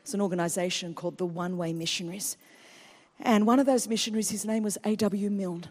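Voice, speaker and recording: An Australian woman in her thirties preaching a lively sermon, telling stories and building to loud, fervent peaks. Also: medium pitch, in a large hall. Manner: animated storytelling, swinging from quiet to loud and fast.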